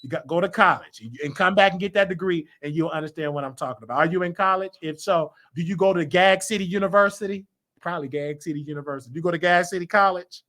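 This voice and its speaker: A Southern US man runs a live call-in show in a high, bright voice. He talks emphatically and circles back to the same lines, stammering as he restarts. His delivery is animated and insistent. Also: fast talker. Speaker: talk show host.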